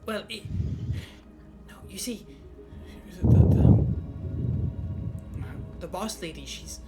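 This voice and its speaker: A jittery, stammering goblin, voiced by the game master in a tabletop game, caught and scared out of his wits. He tumbles over his words at a middling pitch. Soft music plays underneath. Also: takes it slowly, close to an everyday voice. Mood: frightened. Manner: stammering, panicky. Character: frightened male goblin captive.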